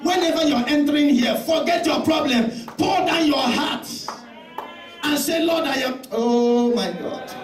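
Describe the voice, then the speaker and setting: Impassioned high-voiced preacher in an echoey hall. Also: male voice, measured pace, faint music behind. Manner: impassioned, emphatic preaching with repetitions. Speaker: pastor. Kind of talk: sermon. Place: church hall. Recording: echoey church hall, mic at a distance, congregation audible.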